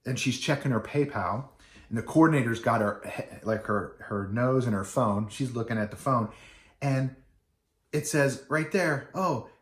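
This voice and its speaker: A man's voice: medium pitch, moderate pace. A middle-aged man, a wedding DJ, casually telling a story with many fillers and restarts. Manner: rambling with many fillers and restarts, acting out quoted people. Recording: echoey room.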